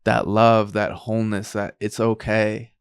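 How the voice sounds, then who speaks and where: A young man from upstate New York hosts a podcast in a casual, relaxed way. He speaks haltingly and with emotion, often breaking into laughter while tearing up. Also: lowish voice, clear, resonant tone. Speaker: podcast host. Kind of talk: casual chat.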